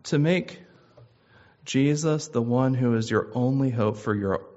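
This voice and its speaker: A man's voice: mid-range voice, measured pace, darkish tone. A man preaching a sermon, asking his listeners probing questions and repeating phrases for emphasis. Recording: muffled lo-fi recording.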